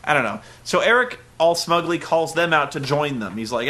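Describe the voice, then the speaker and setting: A man hosting a comedic recap, sarcastic, animated and prone to ranting. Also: a little high, normal speed. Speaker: host. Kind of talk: comedic recap of a wrestling show.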